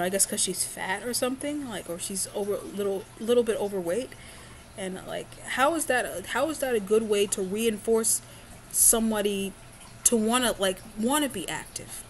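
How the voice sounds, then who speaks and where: A woman's voice: mid-range voice, a little hiss or hum. A woman vlogger telling a personal story in a casual, rambling way, with frequent fillers and restarts.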